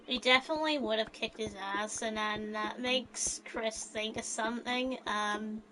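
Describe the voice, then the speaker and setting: A woman's voice: on the high side, fairly even intonation, unhurried, sharp tone, a little hiss or hum, rough recording. A woman casually telling an imagined story plot, hesitant with many fillers and frequent giggles.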